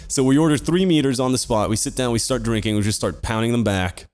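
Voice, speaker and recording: A man's voice: mid-range voice, quick pace, a little mellow. A man, podcast co-host, telling a rambling story in casual chat, swearing and laughing often.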